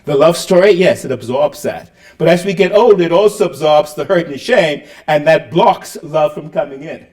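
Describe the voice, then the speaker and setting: A man's voice: a little high, lively intonation, moderate pace, darkish tone. An older man giving a public lecture, asking the audience rhetorical questions and acting out the lines he quotes. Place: lecture hall. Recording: roomy hall, mic at a distance.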